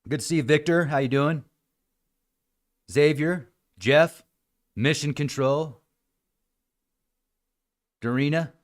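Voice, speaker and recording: A man hosting a casual livestream, talking in an animated way and acting out other people's voices now and then. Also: on the high side, takes it slowly, pauses often. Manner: animated, acts out quoted voices. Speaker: host.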